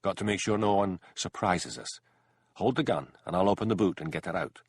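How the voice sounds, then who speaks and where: A man's voice: sits low, lively intonation, a little fast, breathy edge, no room sound, exaggerated voice. A man voicing a ruthless, hot-tempered Scottish husband who gives curt, bossy orders. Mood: commanding.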